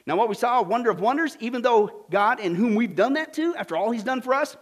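Male pastor, very high voice, animated and jokey, sermon delivery. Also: quick pace. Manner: animated, jokey, punchy exclamations. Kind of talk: sermon with storytelling.

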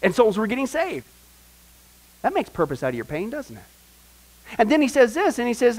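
A male Bible teacher leads a discipleship class with an animated, questioning delivery. His voice sits high for a man. He keeps throwing rhetorical questions at his listeners. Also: fairly quick, pauses often, rough recording.

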